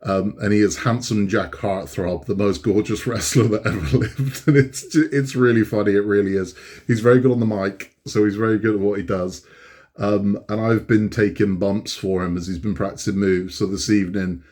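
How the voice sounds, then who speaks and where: A middle-aged man chats casually in a fairly low voice. He rambles easily, restarts his sentences and laughs often as he talks. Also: steady tone, moderate pace, a little mellow. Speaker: channel host. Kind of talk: casual chat.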